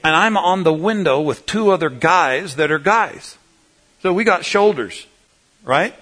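Guy preaching, fairly high bright voice, folksy and jokey, goes loud then quiet. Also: a little slow. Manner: animated, folksy and jokey, swings loud and soft. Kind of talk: humorous sermon storytelling.

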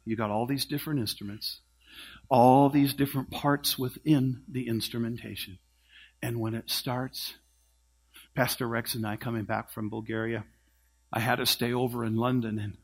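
A man preaching a sermon, telling stories and acting out other people's lines, moving between loud, punchy phrases and hushed, quiet ones. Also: mid-range voice, breathy edge. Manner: animated storytelling, acting out voices of others, swinging from loud to hushed. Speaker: pastor.

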